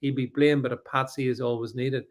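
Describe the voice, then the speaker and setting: A man co-hosting a podcast, chatting casually about politics and reading out live comments, with many restarts. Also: medium pitch. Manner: halting, many restarts, animated. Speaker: podcast co-host.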